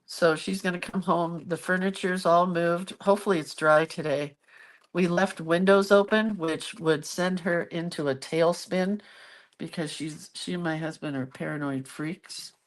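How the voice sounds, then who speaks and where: A woman's voice: on the low side, steady tone, a little slow. A middle-aged woman chatting casually to viewers while she works on a craft project, chatty and self-deprecating. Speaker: craft vlogger.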